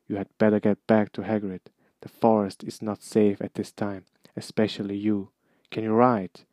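A man reading aloud, voicing a solemn young male centaur in a measured, quiet, formal way. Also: lowish voice, little pitch movement, no echo, natural voice. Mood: grave. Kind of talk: audiobook character reading.

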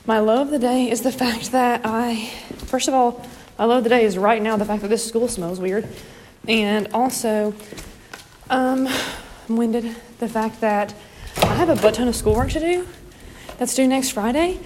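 A young woman recaps her day into her phone, chatty and rambling, with a steady stream of "like" and "um." Her voice sits a bit high. Faint car noise hums behind her as she talks from a parked car. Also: moderate pace. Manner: chatty, rambling, many fillers and "like"s. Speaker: vlogger. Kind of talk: casual diary vlog.

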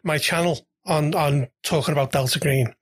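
A man's voice: a little high, normal speed, slightly rough. A man hosting a podcast interview, talking casually and hesitantly, often repeating words as he finds his phrasing. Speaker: podcast host.

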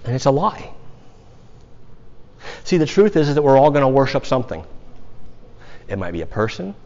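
A man's voice: mid-range voice, sing-song, moderate pace, darkish tone, dull audio. A male pastor from the United States preaching a sermon in a conversational way, with casual asides to the congregation.

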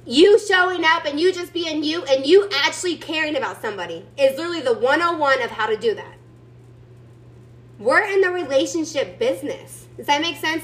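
A woman's voice: high voice, a bit bright, poor audio. A woman giving her team a chatty, emphatic motivational pep talk over a video call, sassy and calling everyone y'all. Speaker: team leader speaking to her sales team.

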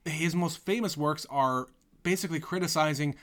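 A podcast co-host in casual movie chat, relaxed and agreeable, with many short affirmations. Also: medium pitch, normal speed.

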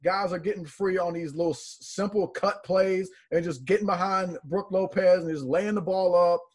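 A man co-hosting a sports podcast, breaking down a basketball game in emphatic, animated chat. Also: high voice, moderate pace. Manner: animated, emphatic, repeats words for stress.

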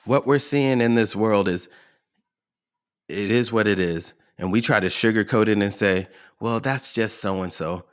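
A man's voice: on the low side, moderate pace, smooth. A man hosting a motivational podcast, talking emphatically and asking his listeners rhetorical questions. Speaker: podcast host.

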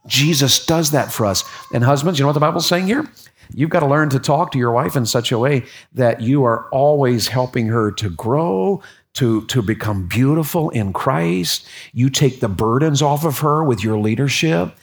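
A middle-aged man preaching a sermon, telling a personal story with lively repeats and sudden rises in his voice. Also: medium pitch, normal speed, gravelly. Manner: animated storytelling, repeats words, voice jumps up when excited. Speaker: pastor.

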